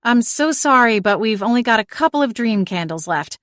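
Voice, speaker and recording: A woman voicing a young shop helper in an audiobook, quick and apologetic. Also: fairly high pitch, expressive, fairly bright tone, no echo, studio quality, voice pushed up. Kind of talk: audiobook character voice.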